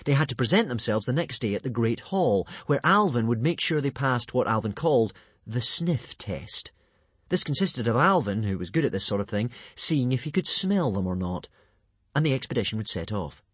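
A man reading a storybook aloud in a lively, expressive manner. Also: mid-range voice, moderate pace, slightly rough, dry recording. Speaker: narrator.

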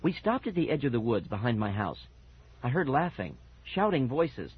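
A man narrating a first-person children's story with lively, animated expression. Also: medium pitch, moderate pace, slightly rough, no room sound. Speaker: audiobook narrator. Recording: dull lo-fi audiobook recording.

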